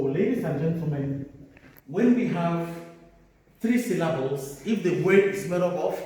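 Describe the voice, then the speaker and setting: A man teaching grammar in a slow, measured drill, repeating each word for the class. His voice sits a little high yet sounds dark and mellow. He is recorded from a distance in a very echoey room with a long reverb. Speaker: English teacher. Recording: echoey room, mic far off.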